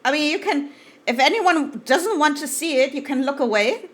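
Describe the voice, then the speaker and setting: A woman streaming live, chatting casually and gushing excitedly, swearing freely and trailing off into fillers. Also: sits high, quick pace.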